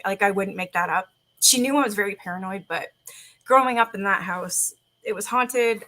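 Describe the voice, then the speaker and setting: Young woman host, bright-toned, rambling live-chat storyteller with lots of "um"s and restarts. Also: mid-range voice, fairly quick. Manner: rambling, with many fillers and restarts. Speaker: livestream host.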